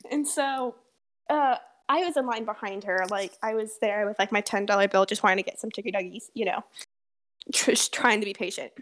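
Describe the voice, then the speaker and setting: A woman's voice: mid-range voice, a little fast, a bit bright. A teenage girl co-hosting a podcast, telling a story in casual chat, laughing often and swearing freely. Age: teens. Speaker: podcast co-host.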